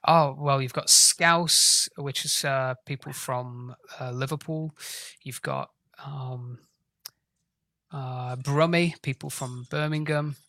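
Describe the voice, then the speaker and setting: A man in his thirties from England with a softened Yorkshire accent, an English teacher answering interview questions in a relaxed, rambling way over a video call. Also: medium pitch, slow pace, no echo. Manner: relaxed, rambling, many fillers.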